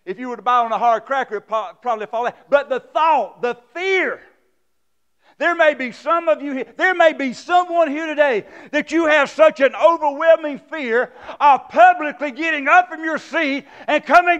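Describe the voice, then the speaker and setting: A man preaching a sermon in a church. He swings from loud, fervent shouting to quiet storytelling. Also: extremely high pitch, muffled recording. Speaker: pastor. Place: church sanctuary.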